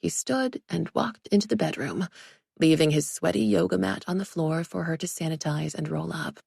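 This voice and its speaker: Brief: woman narrator, wry and dry, low gravelly voice, close and dead-dry recording. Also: moderate pace, darkish tone, no room sound. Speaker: audiobook narrator. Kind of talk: audiobook narration.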